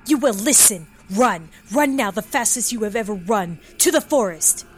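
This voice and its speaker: A woman's voice: a little high, a little slow, soft background music, close to an everyday voice. A woman voicing a desperate young village mother in a fantasy audiobook, urgent and fervent as she pleads. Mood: commanding.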